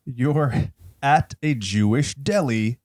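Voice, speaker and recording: A man hosting a horror podcast in casual chat, talking loud and theatrical. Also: mid-range voice, takes it slowly, no room sound. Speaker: podcast host.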